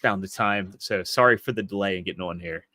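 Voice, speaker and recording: A man in his thirties, a guest on a casual podcast, telling stories about his life in a rambling way and often restarting his sentences. His voice is fairly low, and the sound is dry and close. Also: brisk, sharp tone, dry recording. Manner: rambling storyteller with frequent restarts. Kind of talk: casual interview chat.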